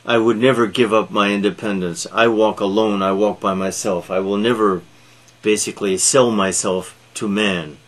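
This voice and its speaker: A man voicing a proud, independent male cat in a read-aloud animal story, speaking firmly and self-assured in his own low voice. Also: steady tone, normal speed, natural voice. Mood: stubborn.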